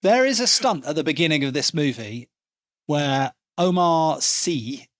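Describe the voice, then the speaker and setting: Excitable man hosting a podcast. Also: a little high, unhurried, dry recording, studio quality. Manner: animated, excitable, swears casually. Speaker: podcast host. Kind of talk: casual chat.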